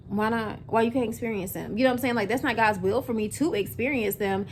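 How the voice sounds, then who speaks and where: This vlogger, a woman in her twenties, talks briskly with few pauses in a slightly high voice. She's chatty and casual on camera, full of filler words, and calls her audience "y'all," over a faint hiss or hum.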